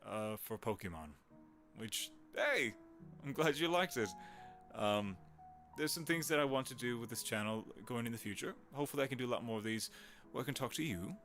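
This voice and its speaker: A man's voice: mid-range voice, a bit bright. A man in his thirties, a voice actor chatting casually and rambling on a live stream, greeting viewers.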